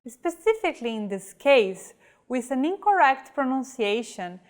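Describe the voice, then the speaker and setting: Slow, careful woman teacher. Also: high-pitched, big pitch swings. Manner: slow, careful, enunciating example words. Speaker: language teacher. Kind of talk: slow scripted pronunciation lesson.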